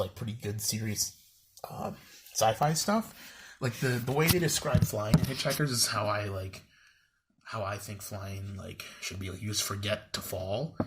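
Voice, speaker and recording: A young man rambles casually at home in a room lined with bookshelves, showing off his book collection for his vlog. His voice sits on the low side, full of fillers and wry asides, with noise in the background.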